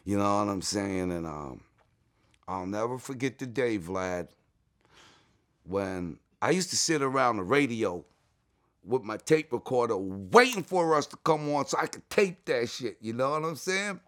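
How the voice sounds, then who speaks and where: A middle-aged man from New York telling stories in an interview, excitable and full of asides, often jumping up high when he quotes people. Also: measured pace. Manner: excitable, repeats "you know what I'm saying", jumps to high voice when quoting. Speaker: interview guest. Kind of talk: animated storytelling.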